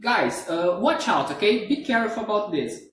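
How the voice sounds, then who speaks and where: Guy teaching english online, slow and patient, keeps saying okay, distant echoey mic with a little hiss. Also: high-pitched, lively intonation, a bit bright. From Brazil. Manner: patient, repetitive, checks understanding with "okay?". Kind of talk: live online grammar lesson.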